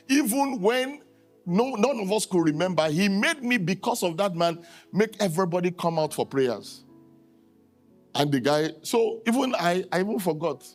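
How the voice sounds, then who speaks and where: A middle-aged male pastor from Nigeria, preaching a sermon in storytelling mode and acting out the dialogue with sudden high leaps in his voice. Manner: animated, acts out dialogue with sharp rises in pitch.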